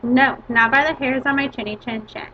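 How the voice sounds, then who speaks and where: Woman doing a defiant little storybook pig, high and sing-song, dull lo-fi audio. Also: fairly even intonation, moderate pace. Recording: dull lo-fi recording with faint hiss.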